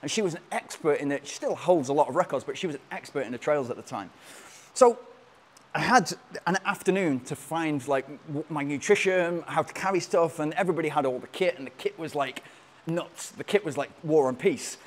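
A man's voice: a little high, brisk. A man, a running coach, telling a long travel story in a casual, rambling way, often restarting his sentences. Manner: rambling and animated, with frequent restarts.

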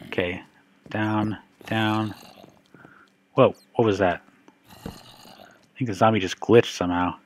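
A man with a fairly low voice talks his way through a video game, rambling and cracking jokes. He often restarts his sentences, and a faint hum of noise sits under his voice. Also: fairly even intonation, slow pace, long pauses. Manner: rambling, joking, self-interrupting. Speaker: gaming video host. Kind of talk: casual gameplay commentary.

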